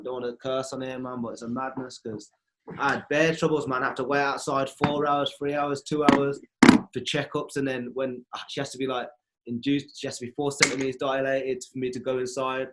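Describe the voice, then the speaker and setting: A man's voice: medium pitch, level tone, normal speed, heavy background noise. A young man chatting casually, telling stories animatedly and full of slang, as a member of a music collective. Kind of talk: casual conversation.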